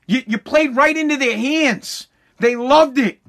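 A man's voice: extremely high pitch, normal speed, a bit bright. A man delivering an angry, profane political rant, heated and repetitive, talking through a freshly pulled tooth. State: recovering from a tooth extraction.

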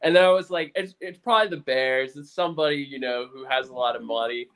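A man co-hosting a sports podcast in a casual chat, telling stories in an animated, excitable fan's way. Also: mid-range voice, fast. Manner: animated, excitable fan storytelling. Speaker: podcast co-host.

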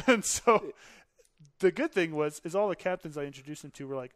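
A man's voice: high-pitched, lively intonation, a little fast, a bit bright. A man in his thirties, a podcast guest, telling stories casually, laughing often and acting out the dialogue. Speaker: podcast guest, Air Force veteran. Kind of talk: casual storytelling.

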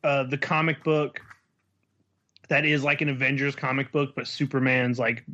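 A man's voice: mid-range voice, flat delivery, pushed and bright. Laid-back man, slightly dull sound. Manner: laid-back, halting, many fillers. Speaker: tattoo artist, podcast co-host. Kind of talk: casual chat.

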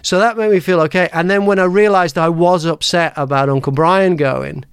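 A podcast host with a high-pitched male voice tells personal stories casually and ramblingly, restarting often and laughing a lot. His intonation stays fairly even and his pace is normal. The tone is clean, with studio-quality sound and no room noise.

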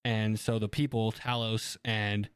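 A man's voice: lowish voice, little pitch movement, unhurried, clear, resonant tone, no echo. A young man hosting a casual podcast about tabletop roleplaying, rambling and laughing at himself. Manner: rambling, self-deprecating, laughs often. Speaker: podcast host and game master. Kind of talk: casual chat. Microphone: remote podcast mic.

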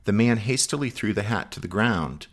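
A man co-hosting a history podcast, reading a scripted narration in a measured way. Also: on the low side, lively intonation. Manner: measured, reads quotes with some color. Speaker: podcast co-host.

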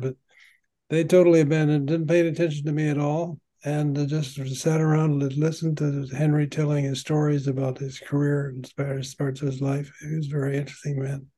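An older man, a veteran padel player, tells long stories in an unhurried, rambling way, full of ums and restarts. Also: a little high, mellow. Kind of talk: conversational storytelling.

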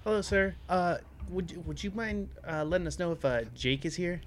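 A man's voice: high voice, moderate pace, a little hiss or hum. A man playing a tabletop game who speaks politely and a little hesitantly for his character. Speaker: player.

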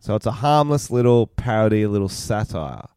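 A man co-hosting a podcast, animated and playful as he reads out odd news stories. His voice is low-pitched and smooth, clearly resonant. It is recorded close and dry. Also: fairly quick, no echo. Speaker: podcast co-host. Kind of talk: casual banter and storytelling.

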